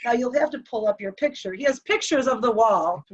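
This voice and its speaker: Animated woman telling a hospital story. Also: a little high, fairly quick. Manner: animated retelling that acts out the dialogue. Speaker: guest. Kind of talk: emotional personal storytelling. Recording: slightly dull lo-fi recording.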